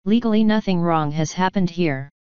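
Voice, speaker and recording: A woman's voice: fairly low pitch, normal speed, clear, resonant tone, dry recording, lightly acted. A woman reading the part of a haughty upper-class older woman, speaking in an icy, imperious way. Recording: dull lo-fi sound.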